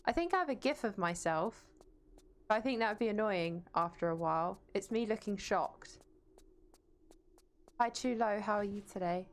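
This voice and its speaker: A woman streamer chats casually from a room at home, speaking into a desk mic while she plays. Her voice sits at an ordinary middle pitch. She greets viewers and answers chat aloud. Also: expressive, normal speed, long pauses. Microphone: desk mic, no webcam.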